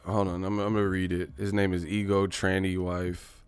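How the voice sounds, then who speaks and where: A man's voice: sits low, flat delivery, moderate pace, clean tone, no room sound. A man hosting a live stream, chatting casually, cursing and joking as he reads viewer messages. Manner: profane, joking, puts on voices for bits. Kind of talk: casual live-stream chat reading super chats.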